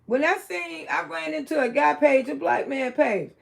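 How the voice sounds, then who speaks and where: A middle-aged woman with a Southern US accent, hosting a casual livestream and talking bluntly, dropping low and then rising to loud exclaims. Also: moderate pace, vocal fry. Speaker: livestream host.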